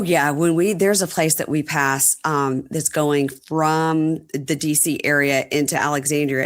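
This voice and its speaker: A woman hosting a podcast, chatting casually about a reality TV episode and acting out quotes from the show. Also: sits low. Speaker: podcast host. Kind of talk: casual chat recapping reality TV.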